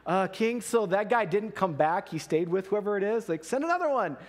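A man's voice: high voice, expressive, a little fast, in a large hall. A man voicing a nervous male city guard who reports to the king hesitantly.

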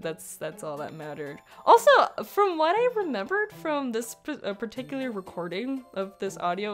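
A young woman giving casual, rambling commentary over a speed paint, giggling often and poking fun at her own work. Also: mid-range voice. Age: young adult. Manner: giggly, rambling, self-deprecating. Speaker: digital artist.

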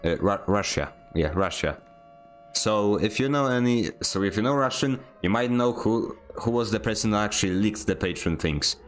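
A man's voice: lowish voice, animated, normal speed. A young man streaming a game, rambling and joking about himself as he plays, with frequent laughs. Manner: joking, rambling and self-mocking, laughs often. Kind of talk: casual gaming stream commentary.

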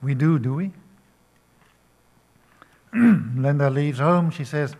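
Brief: older male preacher, slow deliberate delivery, slightly high voice, asks pointed questions. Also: darkish tone. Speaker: pastor. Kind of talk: sermon.

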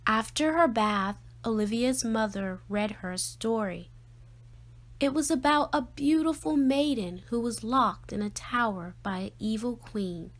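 A woman reading a children's picture book aloud in a slow, expressive, sing-song way. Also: a little high. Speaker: storyteller.

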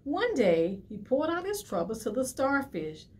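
A woman hosting a library storytime, reading a picture book to preschoolers in an animated way and asking the children questions. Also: high-pitched, a little slow.

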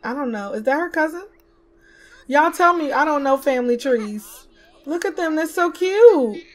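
Woman, slightly high pitch; chatty let's-play host bossing her game characters around. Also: expressive, normal speed. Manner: chatty, talks to the game characters, slips into Southern US slang. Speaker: gaming YouTuber. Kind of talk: casual let's-play commentary.

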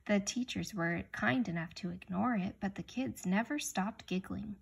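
A woman reading a children's chapter book aloud, stopping now and then to ask young listeners gentle questions. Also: mid-range voice, moderate pace, vocal fry, slightly rough. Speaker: reader.

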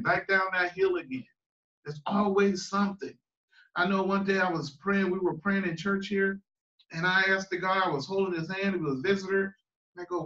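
A man with a high, bright, forceful voice preaches to a choir Bible study, plain-spoken and emphatic, repeating his key points. He stands back from the mic in a roomy, echoey church, and the recording sounds a little dull. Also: distant mic. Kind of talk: conversational preaching.

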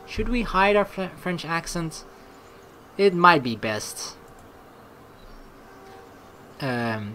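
A woman's voice: sits low, lively intonation, measured pace, long pauses, fairly bright tone, a little hiss or hum. A woman doing a casual let's play commentary, reading game text aloud and joking and swearing as she goes. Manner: chatty, swears and laughs at own jokes.

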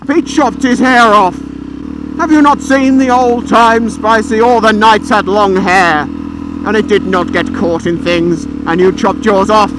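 A man voicing a pompous, old-fashioned gentleman, talking grandly while riding a motorbike outdoors on a helmet camera mic. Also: high-pitched, measured pace, noisy background, voice pushed up. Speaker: motorcycle vlogger. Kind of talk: comic character monologue. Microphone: helmet-mounted action camera mic.

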